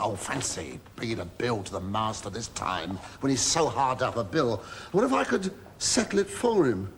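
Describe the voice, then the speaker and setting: A man's voice: medium pitch, a bit bright, exaggerated voice. A middle-aged actor playing a put-upon male household slave in a studio sitcom, full of camp, self-pitying asides and mock outrage. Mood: chatty. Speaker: lead comic actor in a sitcom. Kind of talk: 1970s studio sitcom acting with audience asides. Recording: noisy old TV studio tape with audience laughter.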